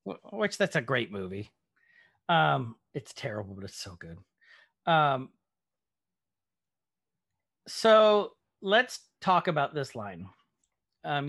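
A man talks through a show episode in a loose, rambling way, with lots of ums and asides. His voice sits a little high. The sound is dry and close, with no room echo. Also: vocal fry, a bit bright. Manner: chatty, rambling with many ums. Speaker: podcast host. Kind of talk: casual recap chat.

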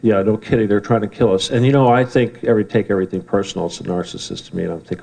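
A man's voice: lowish voice, quick pace, vocal fry, few pauses, a little mellow, rough recording. A man giving a rambling, heated talk to a live audience in an event room, often swearing and bantering with the crowd.

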